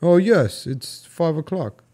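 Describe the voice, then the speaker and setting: A cheery, overly polite old-time gentleman, put on by a man, lifting his voice high and stretching his words. The manner is mock-posh and exaggerated. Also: animated, takes it slowly.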